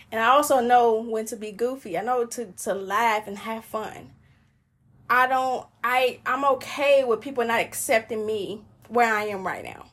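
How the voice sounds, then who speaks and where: A woman talking casually and joyfully about her faith, preaching, laughing often and rambling. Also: a little high. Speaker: Christian woman sharing testimony.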